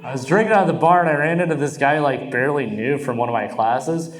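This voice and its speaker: A young man doing crude, animated stand-up storytelling on stage. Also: mid-range voice, fast. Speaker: stand-up comedian. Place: comedy club stage. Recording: roomy club sound. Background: audience laughter.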